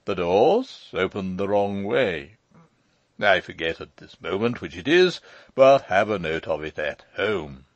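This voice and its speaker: A pompous old gentleman holds forth in a long-winded lecture, as a man reads him aloud. His pitch swings widely as he drones on. The audiobook recording is dry and a little dull. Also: animated, unhurried, no echo. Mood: lecturing. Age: older. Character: pompous elderly male lecturer, self-important.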